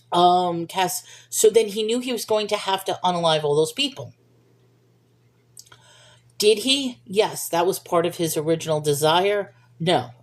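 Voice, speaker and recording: Fielding questions from viewers on her livestream, a lowish-voiced woman rambles through an informal Bible discussion and says sorry for drifting off topic.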